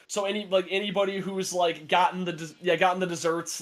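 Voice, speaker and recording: Young man, high voice, casual podcast chat, rambling story, sarcastic, lots of fillers. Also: steady tone, quick pace, hardly any pauses. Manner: sarcastic, laughs often. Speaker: podcast co-host.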